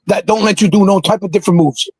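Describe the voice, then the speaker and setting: Man, high voice, profane ranting, dry close sound, casual gaming talk. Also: fast talker, darkish tone, breathy edge, no room sound, rough recording. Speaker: podcast co-host.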